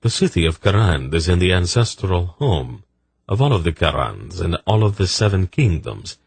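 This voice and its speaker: A man's voice: sits low, sing-song, moderate pace, vocal fry, slightly rough, dry recording, exaggerated voice. A man reading as a wry, worldly male character in an audiobook.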